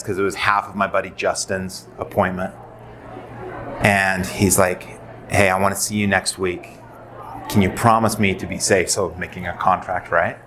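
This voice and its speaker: Man, forties, nurse speaking to a crowd; deep low voice, earnest storyteller who acts out dialogue, audible room noise. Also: a bit bright. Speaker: nurse and suicide prevention speaker. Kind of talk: personal story in a presentation. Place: presentation venue. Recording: noisy live presentation audio.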